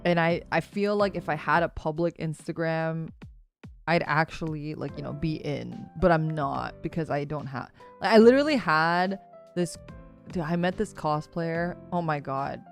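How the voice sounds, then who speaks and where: A young woman streaming a casual chat, rambling through stories with lots of fillers. She gushes and laughs often, her voice jumping far up in pitch when excited, and she swears without a second thought. Soft music plays faintly underneath. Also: unhurried.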